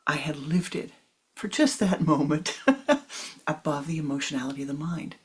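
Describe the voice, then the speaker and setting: A woman spiritual teacher giving a talk, telling a personal story, often dropping into soft whispered asides and acting out what people said. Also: sits low, steady tone, moderate pace, a little hiss or hum. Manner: acts out quoted dialogue expressively.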